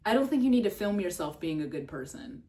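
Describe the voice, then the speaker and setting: A young adult woman vlogging in a casual, rambling way, full of fillers and swearing, jumping up in pitch when exasperated. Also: big pitch swings, quick pace, mellow. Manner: filler-heavy, swears, trails off and restarts.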